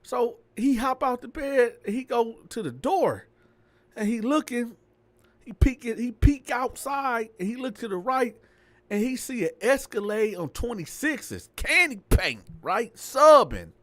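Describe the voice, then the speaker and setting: A man's voice: very high-pitched, a little slow. A man telling a story in casual storytelling style, acting out each character. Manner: animated, acts out every character. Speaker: storyteller host.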